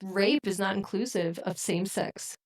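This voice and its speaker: Measured woman podcast co-host. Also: medium pitch, low-quality recording. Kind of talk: casual discussion.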